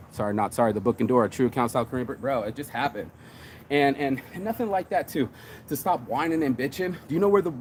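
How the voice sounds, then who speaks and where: A middle-aged man hosting a morning motivation show, talking fast and profane, calling everyone "bro". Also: on the high side, slight background noise. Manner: profane, energetic, says "bro" a lot. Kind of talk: fired-up casual motivational rant.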